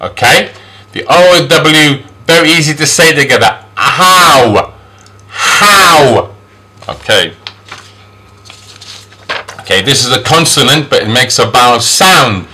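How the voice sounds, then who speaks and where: A man teaching English phonics, patiently modeling each sound slowly and with exaggeration. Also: mid-range voice, lively intonation, pushed and bright. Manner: slow, exaggerated sound demonstrations; patient, reassuring. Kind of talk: phonics lesson.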